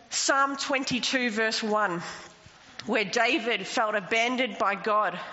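Woman preacher, emphatic sermon, bright voice, long hall reverb, dull lo-fi sound. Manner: emphatic, rising to high passionate declarations.

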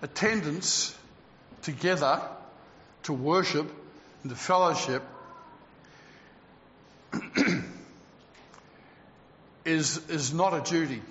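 High, slow preacher in echoey hall. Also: male voice, a little hiss or hum. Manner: animated preaching with humour, drawn-out emphasis. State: out of breath. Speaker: pastor. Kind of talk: sermon. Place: church hall. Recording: echoey hall, slightly dull sound.

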